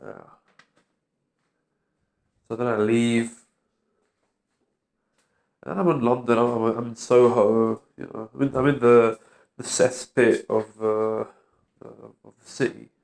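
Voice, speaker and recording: A man with a gravelly, creaky voice talking in a bitter, agitated vlog rant. He swears freely and sounds worn out and fed up. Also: mid-range voice, steady tone, slow pace, long pauses, darkish tone. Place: London street.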